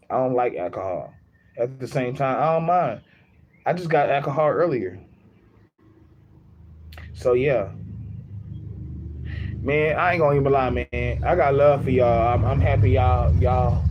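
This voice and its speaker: A man's voice: mid-range voice, muffled recording, slight background noise. A young man chatting casually on his livestream, rambling, repeating himself and laughing often.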